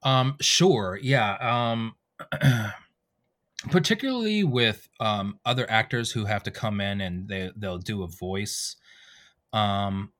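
A voice actor guest with a low voice tells stories from the studio in a casual interview. He's animated and acts out the quoted dialogue.

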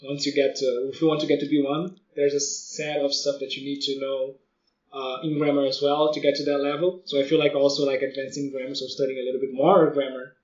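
A man's voice: medium pitch, brisk. Podcast guy chatting all loose and slangy, kinda far from the mic, dull muffled sound. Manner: relaxed and slangy, full of "like". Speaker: podcast co-host. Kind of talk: casual chat. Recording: roomy, distant, dull audio.

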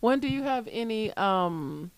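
A woman's voice: fairly high pitch, a little slow, clean tone, no room sound. A woman in casual conversation, asking questions and joking expressively. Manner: expressive, lively, puts on voices for jokes.

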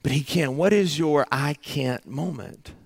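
A man's voice: a little high, a little slow, vocal fry, slightly rough. A man preaching a sermon, earnest and dramatic, acting out pleading prayers in short repeated phrases.

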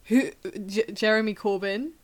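A woman's voice: mid-range voice, moderate pace. A woman leading a casual chat, asking her friends questions and laughing often. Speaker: podcast host asking questions.

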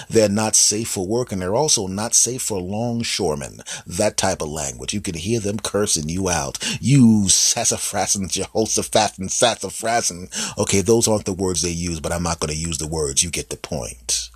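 Husky man doing a comic podcast rant. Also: sits low, dry recording, clean studio sound. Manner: animated, playful, teasing. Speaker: podcast host. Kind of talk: comedic monologue.

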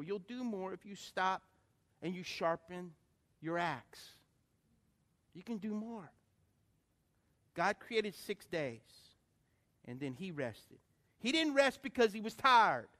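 Male pastor, middle-aged, high-pitched, animated sermon delivery with call-and-response. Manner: animated, calls for congregation responses. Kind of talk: sermon with anecdote.

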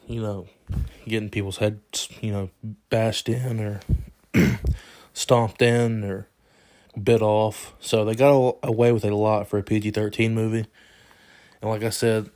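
A man's voice: on the low side, a little mellow. A young man giving a casual, rambling and enthusiastic spoken movie review, full of restarts and "you know.".

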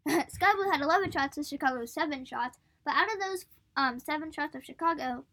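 A woman's voice: high-pitched, normal speed, bright, forceful tone. A woman co-hosting a casual sports podcast, recapping match events with frequent giggles. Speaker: podcast co-host.

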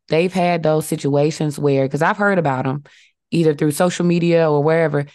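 A woman with a deep, low voice co-hosts a casual faith podcast. She speaks earnestly and reflectively, with lots of "like" and "you know." The recording is dry and close, with no room sound. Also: steady tone, moderate pace, darkish tone, no echo. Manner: earnest, reflective, many fillers. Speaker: podcast co-host.

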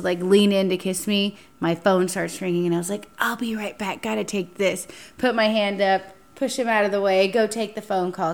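Young woman, podcast host, animated storyteller, swears casually, mid-pitched voice. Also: creaky. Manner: animated, acts out quotes, swears freely.

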